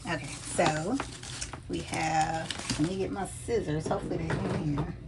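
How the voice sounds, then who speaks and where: A woman handbag vlogger chatting casually and with animated energy to her viewers while unboxing a bag. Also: sits low, normal speed, vocal fry, background noise.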